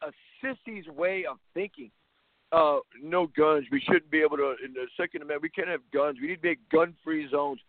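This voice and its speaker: A man's voice: a little high, normal speed, dry recording. A man hosting a sports talk show, delivering a blunt, mocking, opinionated monologue. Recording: tinny phone-line sound.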